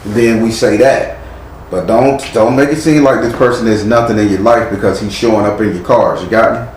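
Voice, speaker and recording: In an echoey, faintly noisy room, a man with a fairly low, evenly inflected voice reads tarot live at a brisk clip. His manner is blunt and chiding, full of casual slang.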